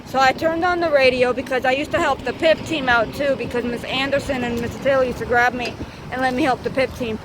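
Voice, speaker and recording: A woman's voice: high-pitched, fairly even intonation, a little fast, noisy background. A woman in her thirties telling a storytime vlog while riding a bike outdoors, rambling, repetitive and full of swearing. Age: 30s. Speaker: vlogger.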